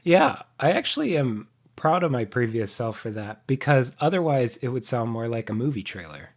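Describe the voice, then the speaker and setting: A man's voice: medium pitch, very animated, moderate pace. A man co-hosting a podcast while sick, chatting casually and self-deprecatingly with frequent laughs. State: sick with covid. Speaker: podcast co-host. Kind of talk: casual chat.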